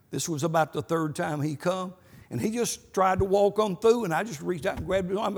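Gravelly preacher in an echoing church. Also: male voice, high-pitched, fairly quick. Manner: folksy storytelling, repeated amens. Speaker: pastor. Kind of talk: sermon.

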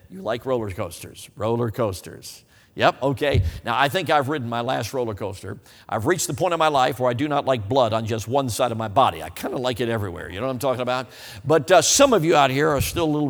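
A man preaching a humorous, folksy sermon, telling stories and often asking the audience whether they know what he means. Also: mid-range voice. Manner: folksy, animated, asks the audience. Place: church hall. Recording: reverberant hall.

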